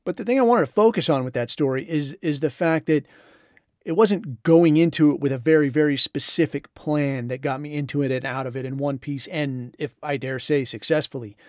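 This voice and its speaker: A middle-aged man speaks in a casual storytelling voice, slightly high for a man. He drifts through his anecdote in a relaxed, conversational way and shifts into voices when he retells what others said. The sound is dry and close, with no room echo. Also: fairly quick. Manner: laid-back, conversational, drawls and mimics others in retold dialogue. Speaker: podcast host.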